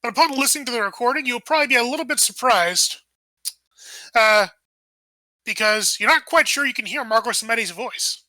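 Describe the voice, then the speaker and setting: Woman game master, bright, halting and thinking aloud, dry sound. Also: fairly high pitch, no room sound. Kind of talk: narrating a tabletop game.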